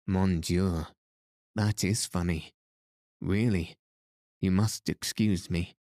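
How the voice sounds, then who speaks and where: A man voicing a jovial, excitable French gentleman in an audiobook story, talking in quick excited bursts. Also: deep voice, no echo, studio quality. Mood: amused. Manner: excited, chattering, amused.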